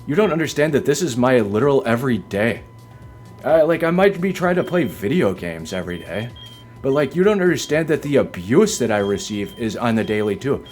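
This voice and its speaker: A man's voice: mid-range voice, very animated, brisk, darkish tone, soft background music. A man streaming a video game from home, ranting defensively, swearing hard and leaning on "like" as filler. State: upset. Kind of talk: venting rant on a live stream. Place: home, by a window.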